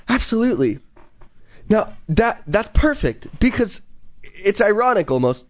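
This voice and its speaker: A man with a somewhat high voice hosts a casual podcast and talks eagerly about following your excitement. He drifts through ums and you-knows as he pushes his message. The recording sounds dull and lo-fi. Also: a little slow. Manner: eager, motivational, many fillers. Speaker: podcast host.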